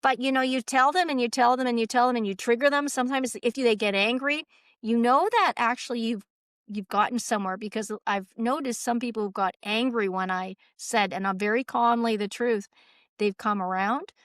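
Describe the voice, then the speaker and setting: A woman's voice: fairly high pitch, a little fast, dry recording, clean studio sound. A woman from Canada talking as an interview guest in a rambling, emphatic way, with plenty of fillers. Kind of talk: casual interview conversation.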